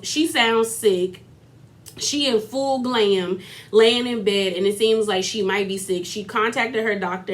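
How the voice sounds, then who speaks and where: A woman vlogger giving a casual, chatty recap of a reality show, full of fillers and laughter. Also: mid-range voice.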